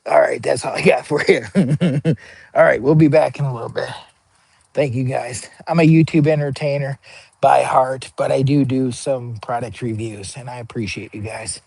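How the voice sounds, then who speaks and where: A man's voice: medium pitch, fairly even intonation, normal speed, creaky, a little mellow, breathy edge, no echo. A man talking casually in a rambling, goofy, slangy product review vlog, outdoors at camp. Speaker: vlogger. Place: camping outdoors.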